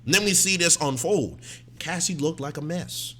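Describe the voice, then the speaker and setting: A man's voice: a little high, moderate pace, a little hiss or hum. A man giving emphatic, casual reaction commentary on a TV episode. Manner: animated and emphatic, often slipping into mocking impressions.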